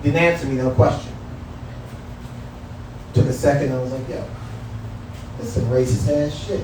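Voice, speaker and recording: Profane comedian echoing in a small club. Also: male voice, medium pitch, fairly even intonation, moderate pace, distant mic, background noise. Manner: profane, loose, talks straight to the crowd. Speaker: stand-up comedian. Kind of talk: stand-up comedy set. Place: small comedy room at a cannabis lounge. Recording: very echoey room picked up from afar.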